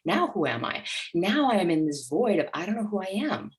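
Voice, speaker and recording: A middle-aged woman with a low, deep voice speaks as a coach in an interview. She tells her story with energy and often slips into the nervous inner voice she once had. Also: fairly quick. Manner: animated, acts out her inner voice. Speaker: guest, money mindset coach.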